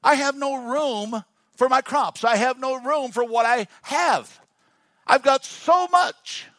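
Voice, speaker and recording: A smug, boastful rich farmer crows over his full barns in a high, excited voice, put on by a male preacher. He sounds raised and self-satisfied, with a clean, dry sound. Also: takes it slowly, dry recording, heavily acted. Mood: gloating.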